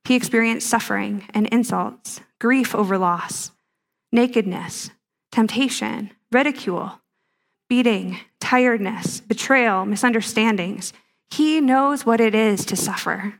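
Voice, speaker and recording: A woman's voice: on the high side, a little slow, creaky. A woman giving a conversational teaching talk to a live audience, playful and full of rhetorical questions. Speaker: speaker at a ministry teaching.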